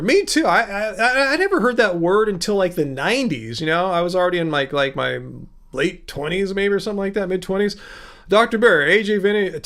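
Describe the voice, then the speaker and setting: A man's voice: high-pitched, fairly bright tone. A middle-aged man hosting a casual livestream, reading out viewer comments and answering them in a joking, teasing way. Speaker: livestream host.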